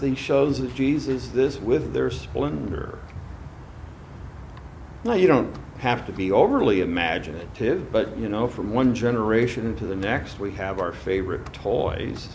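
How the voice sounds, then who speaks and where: A man's voice: medium pitch, animated, measured pace, creaky, darkish tone, slight background noise. A man preaching a sermon as pastor, emphatic and drawing out his phrases, with asides to the congregation.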